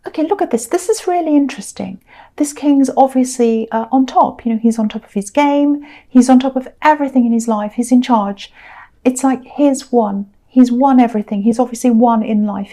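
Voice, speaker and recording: A woman's voice: on the high side, mellow. A middle-aged woman giving a casual, meandering tarot reading in a chatty, reassuring manner. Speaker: tarot reader.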